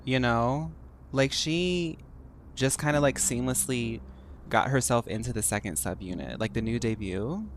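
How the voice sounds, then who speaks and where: A man's voice: mid-range voice, a little slow, slight background noise. An American man streaming a game and chatting casually, rambling with lots of fillers. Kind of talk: casual gameplay commentary. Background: game music.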